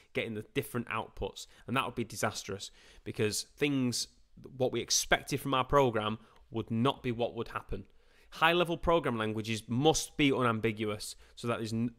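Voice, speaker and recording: A man teaching a computer science revision class over a live stream, with a voice of middling pitch. He talks in a chatty, informal way, throwing questions at his listeners and answering them himself. Now and then he slips into playful put-on voices and quick asides. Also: a bit bright.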